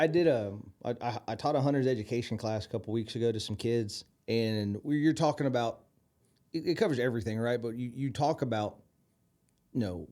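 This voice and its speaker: A man's voice: mid-range voice, a little mellow. A man co-hosting a podcast, telling a story in a rambling way with many fillers and restarts. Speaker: podcast co-host. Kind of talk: casual chat, storytelling.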